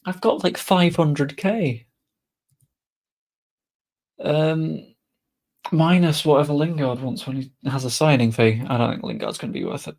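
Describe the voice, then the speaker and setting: A man's voice: on the high side, a little slow, long pauses, darkish tone. A young man giving casual, chatty commentary while playing a game, muttering to himself and swearing offhand. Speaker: gaming streamer.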